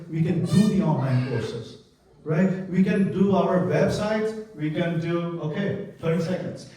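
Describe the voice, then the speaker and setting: A man's voice: a little high, warm tone. Earnest pleading man in an echoey hall. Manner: earnest, pleading, openly emotional. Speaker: conference presenter for a devotional community. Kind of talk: impassioned conference presentation. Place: large conference hall. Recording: echoey hall, voice far from mic.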